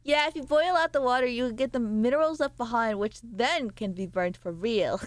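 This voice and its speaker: A woman's voice: on the high side, moderate pace, no room sound. A woman streamer chatting casually with her live chat, swearing and laughing as she reacts to messages.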